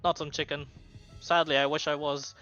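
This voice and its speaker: A man's voice: a little high, flat delivery, normal speed, sharp tone, no room sound, highs cut off, soft background music. A man voicing a weary, dutiful male commanding officer who talks in a dry, resigned way. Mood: wry.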